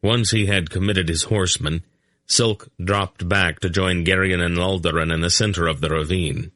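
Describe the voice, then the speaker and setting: A man narrating a fantasy audiobook in a steady, measured storytelling manner. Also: low voice, no echo, studio quality.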